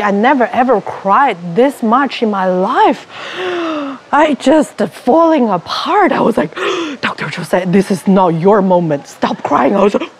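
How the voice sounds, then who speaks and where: A woman sharing a personal retreat experience, telling it in an animated way and acting out her own thoughts, with non-native English phrasing. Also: sits high, a little hiss or hum. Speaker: retreat participant. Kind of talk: personal testimonial.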